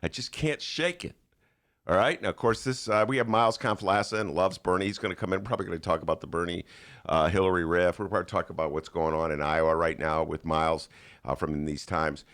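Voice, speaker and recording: A man hosting a podcast from a studio, riffing on politics with mocking sarcasm and loose, animated talk. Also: deep voice, fast. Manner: animated, mocking, shifts into put-on voices. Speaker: podcast host. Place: radio studio.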